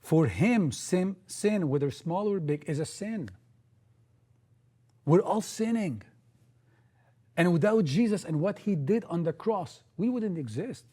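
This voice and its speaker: A man preaching a sermon, emphatic, often repeating key phrases and sometimes halting and restarting. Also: sits high, expressive, dark tone.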